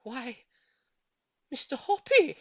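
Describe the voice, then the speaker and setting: A man reading a storybook aloud, voicing an overjoyed elderly woman neighbour with high, gushing exclamations. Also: very animated, slow pace, dry recording, heavily acted. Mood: delighted.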